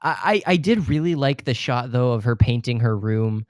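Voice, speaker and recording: A man's voice: medium pitch, animated, moderate pace, no room sound, studio quality. A man co-hosting a film podcast, talking casually and earnestly, making his point through restarts and asides. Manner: earnest, argumentative, full of restarts. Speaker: podcast co-host.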